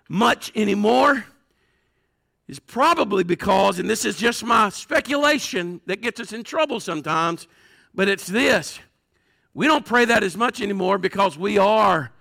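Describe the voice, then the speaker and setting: A man preaching a sermon as pastor, swinging between loud impassioned shouting and low urgent asides.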